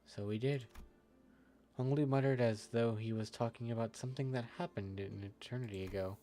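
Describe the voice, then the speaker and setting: A man's voice: medium pitch, steady tone, mellow. A man streaming a game and reading its text aloud, often stumbling and correcting himself. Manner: halting, self-correcting reading.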